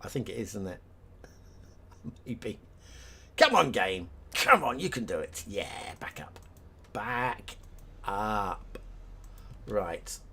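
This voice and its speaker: A man's voice: on the low side, big pitch swings, slow, long pauses, pushed and bright, breathy edge. A man streaming a city-building game live, chatting casually with viewers, thinking aloud and laughing often; English is not his first language.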